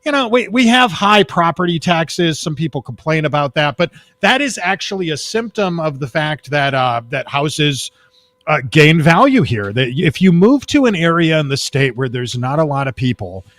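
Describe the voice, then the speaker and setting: A man from Texas tells long rambling stories as a talk show guest, with a fairly high voice. His pitch swings all over the place. The sound is dry and close, from a remote call. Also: moderate pace, dry recording. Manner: rambling, animated anecdotes. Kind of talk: casual storytelling on a talk show.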